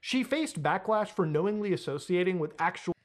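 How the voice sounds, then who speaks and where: Rapid, lively documentary narrator. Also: mid-range voice.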